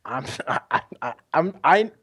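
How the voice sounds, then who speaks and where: A man's voice: a little high, animated, takes it slowly, bright, forceful tone, husky, no echo. Laughing, joking podcast host man. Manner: joking, laughs often, profane. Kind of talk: casual podcast chat.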